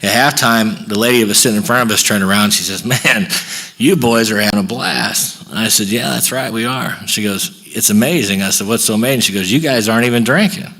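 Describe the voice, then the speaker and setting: A middle-aged man with a somewhat low voice shares his story at a recovery workshop. He talks in a folksy, storytelling way and acts out both sides of each conversation. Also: bright, forceful tone. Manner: folksy, acts out dialogue with quick back-and-forth. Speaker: recovery meeting speaker. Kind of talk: personal storytelling talk at a workshop.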